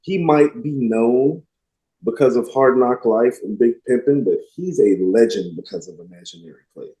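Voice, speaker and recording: A man co-hosting a casual music discussion podcast, emphatic and animated. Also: mid-range voice, normal speed. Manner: animated, emphatic, quotes lyrics with relish. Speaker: podcast co-host. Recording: roomy echo.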